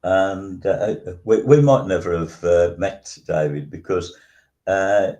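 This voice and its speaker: An older man in his seventies with a very low voice hosts a talk show. He reminisces unhurriedly, stopping and restarting often with ums. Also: mellow. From West Midlands, England. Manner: halting, with frequent restarts and ums. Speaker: radio show host. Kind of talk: casual reminiscing chat.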